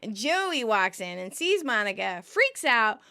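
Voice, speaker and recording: Wanita pembawa podcast yang bercerita dengan ekspresif. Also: female voice, fairly high pitch, unhurried, creaky. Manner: animated storytelling with frequent laughs. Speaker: podcast co-host. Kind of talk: casual recap narration.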